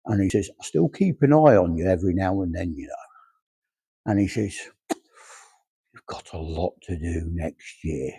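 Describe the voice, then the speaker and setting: A man's voice: low-pitched, animated, moderate pace, creaky, long pauses, dark tone, slightly rough. A man working as a medium, relaying spirit messages to a congregation in a chatty, conversational way and often quoting the messages aloud.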